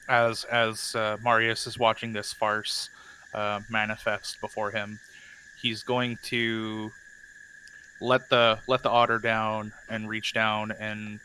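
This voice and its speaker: A man's voice: on the low side, bright, forceful tone, a little hiss or hum, low-quality recording. A man playing a tabletop game, describing his character's actions hesitantly with many fillers. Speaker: player.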